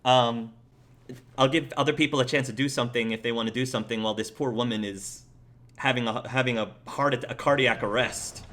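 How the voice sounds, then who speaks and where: A young man in a mid-pitched voice narrates a tabletop game as its game master. He talks casually and loosely, with plenty of fillers. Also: steady tone, brisk, fairly bright tone.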